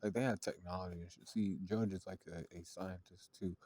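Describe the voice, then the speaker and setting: A man's voice: sits low, steady tone, brisk, dark tone, no room sound. A man casually retelling a story in a rambling way, full of fillers and swearing. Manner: rambling, filler-heavy and profane.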